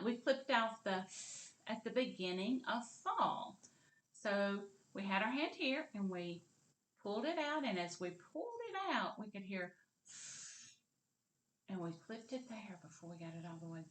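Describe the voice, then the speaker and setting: A woman teaching a literacy lesson to young children, slow and encouraging, with sing-song teacher talk and drawn-out sounds. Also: medium pitch, fairly bright tone. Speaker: kindergarten teacher. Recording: echoey room.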